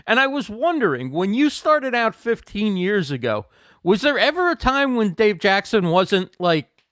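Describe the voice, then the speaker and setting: A man hosting a livestream interview show, talking through a video call setup. His voice sits high and comes across smooth and resonant. He heaps enthusiastic praise on his guest, and the sound is dry and close. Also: big pitch swings, unhurried, a bit bright, no echo. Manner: enthusiastic, effusive introductions. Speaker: host.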